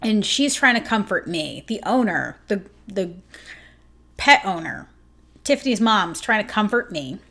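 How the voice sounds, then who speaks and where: The host, who owns a grooming salon, relays a story in a fast-shifting, emotional, casual way, peppered with "like"s. Her voice is mid-range, expressive, and fairly bright in tone.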